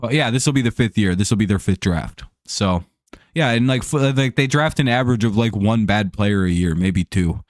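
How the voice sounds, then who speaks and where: Here a young man with a lowish voice talks sports at a moderate pace on his livestream show. He rambles, curses, stumbles into restarts and fillers, and addresses viewers by name. There's no room sound, just clean studio audio.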